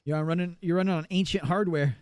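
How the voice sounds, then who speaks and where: A male streamer talks casually to his chat during a live gaming session. His voice sits a little high for a man, and he swears freely and breaks into laughs often. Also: quick pace, smooth, no echo. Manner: excitable, profane, laughs often.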